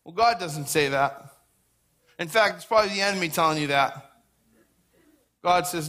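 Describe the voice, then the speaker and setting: A male pastor delivers an animated sermon in a high, bright voice. He slips into quoted voices to play out little scenes and doubles his words for emphasis. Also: normal speed, long pauses.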